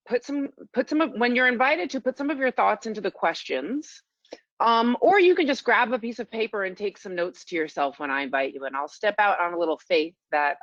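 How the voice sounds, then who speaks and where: A woman physician giving her part of an online lecture, talking loosely with fillers and pauses. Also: medium pitch, dry recording, dull audio. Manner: conversational, loose, with thinking fillers. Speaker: physician presenter.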